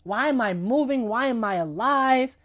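A woman voicing an anxious, bewildered male spork toy who thinks he is trash, slightly higher than her normal voice. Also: lively intonation, moderate pace, fairly bright tone.

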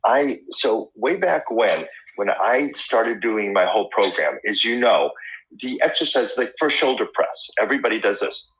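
A middle-aged man with a lowish voice tells an animated story about his work as a guest on a talk show. He keeps playing the people he quotes, with bright jumps in his voice. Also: normal speed, rough recording. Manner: enthusiastic, acts out quoted dialogue. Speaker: personal trainer, guest.

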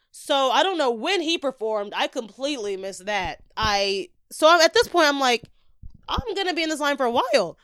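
A young woman hosting a podcast, casually telling an animated story and acting out the quotes. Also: clean tone, no echo, clean studio sound. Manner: animated, acts out quotes with big pitch jumps.

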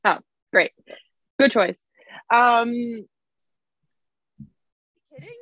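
A woman's voice: fairly high pitch, drawn-out words, fairly bright tone, no room sound, dull audio. A young woman in her twenties, an elementary school teacher, chatting as a podcast guest with lots of "um" and "like". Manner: chatty, many fillers like "um" and "like". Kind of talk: casual podcast interview.

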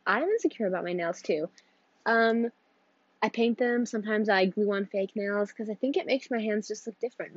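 A woman's voice: mid-range voice, no echo, dull audio. A teenage girl hosting her own podcast, chatting casually in a rambling, giggly way that keeps interrupting itself. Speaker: podcast host. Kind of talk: casual solo podcast chat.

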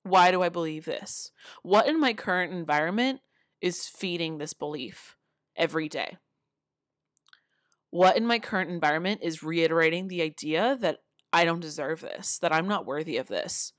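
A woman's voice: fairly low pitch, lively intonation, moderate pace, no echo, studio quality. A woman giving casual motivational talk to camera, earnest and full of fillers, streaming live from a phone at home. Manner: earnest, many fillers, with laughs. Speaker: motivational speaker. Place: city home.

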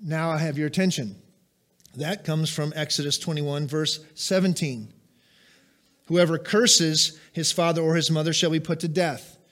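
A man's voice: fairly high pitch, fairly even intonation, a little slow, fairly bright tone. A middle-aged man preaching a sermon, emphatic and asking the congregation questions. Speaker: pastor.

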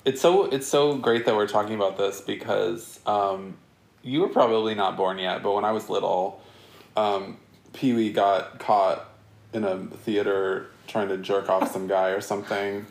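A man's voice: on the low side, steady tone, gravelly. A man hosting a podcast, chatting casually and teasing his guest with crude jokes. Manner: joking, teasing, quick to crude punchlines. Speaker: podcast host. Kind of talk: casual crude comedic chat. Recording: roomy echo.

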